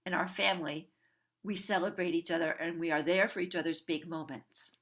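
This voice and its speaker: A woman coaching parents, telling a family story to a group in an animated way and acting out the people in it. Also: lowish voice, a little fast. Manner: animated, acts out quoted family members.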